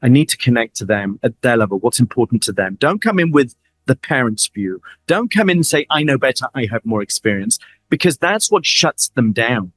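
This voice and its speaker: Animated middle-aged man with a Middle Eastern accent. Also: medium pitch, moderate pace, husky, no echo. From Middle East. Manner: animated storytelling, acts out quoted lines, frequent repeats. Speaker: interview guest, family office advisor. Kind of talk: conversational fireside chat.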